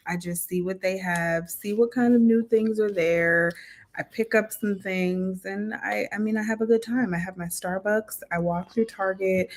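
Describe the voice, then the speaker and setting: A woman in her forties co-hosting a casual live chat, candid and laid-back as she teases back at her husband. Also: mid-range voice. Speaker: co-host of a couple's channel.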